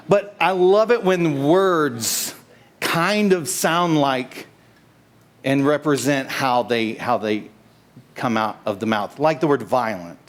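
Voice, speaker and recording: Man preaching casually in a church. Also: fairly high pitch. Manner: casual, halting with fillers, jokes with the congregation. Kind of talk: sermon with prayer. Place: church sanctuary.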